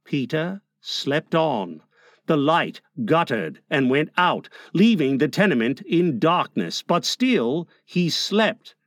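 A man narrating a storybook aloud in a dramatic way, shifting from hushed to lively. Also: fairly high pitch, takes it slowly, no echo, studio quality. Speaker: audiobook narrator. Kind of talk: expressive storybook reading.

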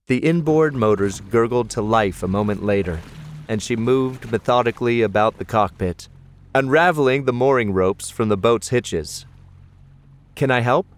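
Low-voiced man narrating a story. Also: no room sound, clean studio sound. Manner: measured storytelling. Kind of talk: audiobook narration.

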